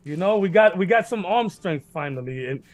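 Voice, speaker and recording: A man's voice: high-pitched, expressive, fairly quick. A man hosting a casual sports betting chat, rambling, repeating himself, laughing and swearing often. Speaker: sports betting podcast host.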